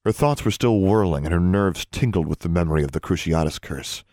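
Deep-voiced male audiobook narrator. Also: expressive, a little fast, a little mellow, dry recording, studio quality.

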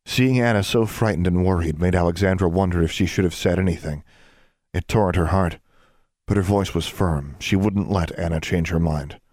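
A man narrating a fantasy story in an even, measured reading voice. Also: low-pitched, no echo, studio quality. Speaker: audiobook narrator. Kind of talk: scripted narration.

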